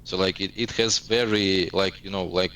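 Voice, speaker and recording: Male guest, 30s, very deep voice, halting second-language English. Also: steady tone, fairly bright tone, clean tone, rough recording. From eastern Ukraine. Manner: searching for words in a second language. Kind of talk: casual interview talk.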